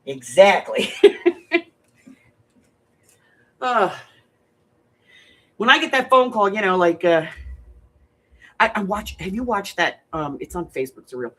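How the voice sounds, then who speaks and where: A woman's voice: mid-range voice, animated, unhurried, long pauses, fairly bright tone. A woman hosting a casual craft livestream from her home crafting room, chatty and jokey, rambling a little and laughing often as she gives out prompts.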